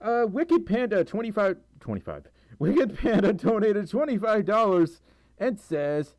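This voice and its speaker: Young man, slightly high voice, casual livestream chatter, rambling with fillers, tired, sore throat. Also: very animated, moderate pace, darkish tone, no room sound, clean studio sound. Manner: rambling, many fillers, stumbles over reading. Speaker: livestreamer reading donations and chat.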